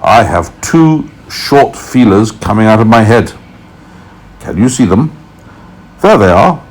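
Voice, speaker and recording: A man's voice: lowish voice, animated, slow. A man voicing an old male grasshopper musician in a storybook, polite and a bit pompous as he explains things. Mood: lecturing. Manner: polite, slightly pompous lecturing.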